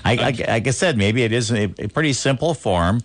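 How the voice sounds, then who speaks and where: A man's voice: mid-range voice, lively intonation, a little fast. An older man hosting a radio talk show, chatting casually with many restarts and fillers. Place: radio studio.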